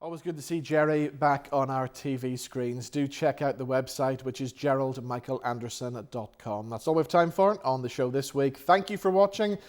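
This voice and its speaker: A male host wrapping up his talk show with a brisk, scripted goodbye. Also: medium pitch, darkish tone. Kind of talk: show sign-off.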